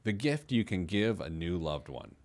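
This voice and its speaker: A man's voice: low voice, big pitch swings, moderate pace, gravelly. A man hosting a casual radio talk show about money, playful and self-mocking, laughing often. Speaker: financial radio show host.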